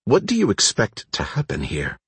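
A man voicing a tough woman team leader in an audiobook, speaking in a clipped, sharp and authoritative way. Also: on the low side, huge pitch swings, normal speed, slightly rough, no echo, voice pushed up, heavily acted. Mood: tense.

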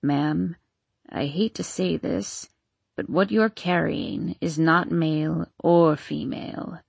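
Woman doing a croaking old fortune-teller crone. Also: low voice, animated, slow, darkish tone, no echo, highs cut off, pitched below the performer's own voice, full character voice. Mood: grim. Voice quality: croaking, gravelly.

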